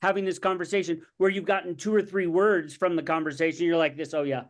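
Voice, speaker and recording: Male co-host, quick chimer-in, slightly high voice, brisk casual delivery. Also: fairly even intonation. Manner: quick interjections. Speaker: podcast co-host. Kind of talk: casual chat.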